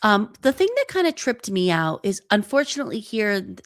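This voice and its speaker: A woman's voice: mid-range voice, big pitch swings, fairly quick, no echo, clean studio sound. A woman from the San Francisco Bay Area, a podcast guest, talking casually and thinking aloud. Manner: conversational, thinking aloud with restarts. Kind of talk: casual chat.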